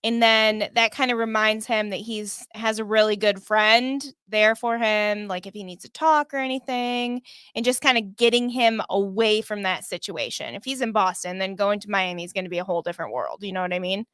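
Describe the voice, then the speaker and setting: A woman's voice: medium pitch, a little fast, a bit bright, smooth, dry recording, studio quality. A woman co-hosting a live-stream chat, talking casually, laughing often and thinking aloud with hesitations. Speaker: co-host.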